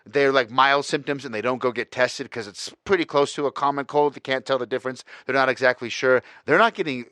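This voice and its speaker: A man's voice: mid-range voice, steady tone, a little fast, hardly any pauses, sharp tone, dry recording. A young man from Florida hosting a podcast in a casual, profane, rambling monologue with plenty of jokes. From Florida, USA. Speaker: podcast host.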